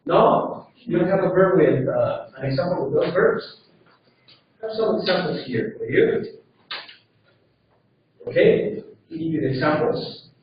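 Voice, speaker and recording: High-voiced teacher, echoey room. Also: male voice, expressive, measured pace, pauses often, a little hiss or hum. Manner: drills pronunciation, checks with frequent "okay?". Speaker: English teacher. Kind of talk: classroom grammar lesson. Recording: echoey room from far off, dull.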